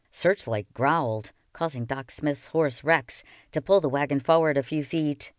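Brief: woman narrator for a children's novel, low and smooth, steady expressive delivery. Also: a little slow, few pauses, no echo, clean studio sound. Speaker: reader. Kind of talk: reading a children's novel aloud.

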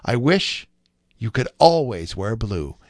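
A man voicing a kind, gentle young princess in a storybook reading, speaking in a soft, pleading way. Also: medium pitch, very animated, slow pace, dry recording, clean studio sound.

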